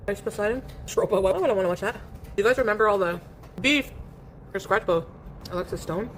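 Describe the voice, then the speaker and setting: A woman's voice: mid-range voice, lively intonation, normal speed, fairly bright tone, a little hiss or hum. A woman live streaming from home, chatting casually and reading viewer comments aloud while she eats. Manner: chatty and rambling, eating while talking.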